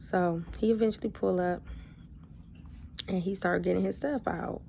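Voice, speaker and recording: A woman's voice: lowish voice, moderate pace, vocal fry, a little hiss or hum. A woman vlogger casually telling a personal story, loose and conversational, full of asides. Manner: animated, acts out both sides of a past argument.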